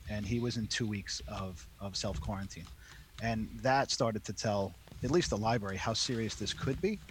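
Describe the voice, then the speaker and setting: A man's voice: medium pitch, a little hiss or hum, rough recording. A man, a librarian from New York, telling a story in a casual chat with many fillers. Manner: animated storyteller, lots of fillers.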